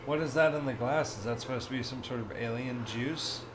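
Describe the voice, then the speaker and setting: A man's voice: mid-range voice, fairly quick, slight background noise, rough recording. Laid-back rambling podcast guy. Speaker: podcast co-host. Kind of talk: casual stoned chat while watching a show.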